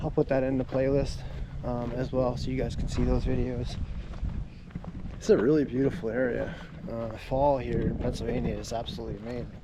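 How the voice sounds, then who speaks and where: A man out of breath giving a relaxed, chatty campsite tour outdoors, with plenty of ums. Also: mid-range voice, brisk. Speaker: camping vlogger. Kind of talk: casual walking tour narration. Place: windy mountaintop campground outdoors. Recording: loud wind noise outdoors.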